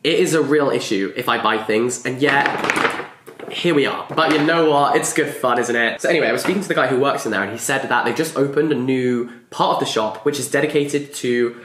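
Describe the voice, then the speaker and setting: A young man chatting casually to camera in his flat, full of self-mocking asides. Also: medium pitch, brisk, slight background noise. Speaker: book vlogger. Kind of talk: casual vlog chat to camera. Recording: roomy indoor echo.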